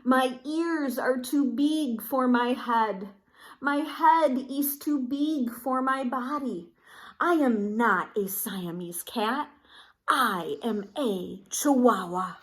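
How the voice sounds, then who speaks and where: Woman doing a playful little tomcat with a put-on Spanish accent, high-pitched sing-song. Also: slow pace. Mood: grand. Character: playful young male Siamese kitten, imaginative and bouncy.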